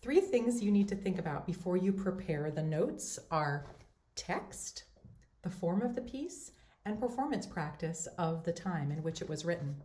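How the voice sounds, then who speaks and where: Low-voiced woman teaching voice. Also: expressive, normal speed, warm tone. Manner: clear, methodical explaining. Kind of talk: instructional voice lesson. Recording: roomy echo.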